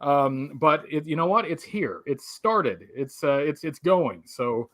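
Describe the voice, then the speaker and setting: A man chatting as a guest on a livestream. He speaks in a halting, self-deprecating way, with a voice pitched slightly high. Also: lively intonation, fairly bright tone. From United States. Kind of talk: casual livestream chat.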